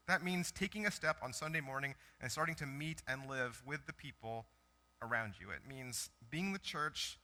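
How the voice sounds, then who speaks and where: Bright-voiced pastor preaching conversationally. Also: male voice, on the high side. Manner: conversational, animated storytelling with self-corrections. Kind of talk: sermon. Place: church sanctuary.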